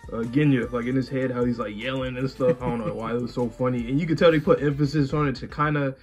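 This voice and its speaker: A man's voice: medium pitch, fairly even intonation, fast talker, darkish tone, faint music behind. A man co-hosting an anime reaction show, talking in a loose, rambling way with lots of fillers. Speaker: co-host of an anime reaction channel. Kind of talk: casual chat.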